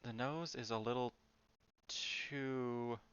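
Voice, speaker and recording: Male streamer, smooth voice, rambling filler-heavy chatter, slightly dull mic. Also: medium pitch, fairly even intonation, takes it slowly, a bit bright, no room sound. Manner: chatty, lots of "like" fillers, muttered asides. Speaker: streamer drawing live. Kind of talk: casual rambling stream chat.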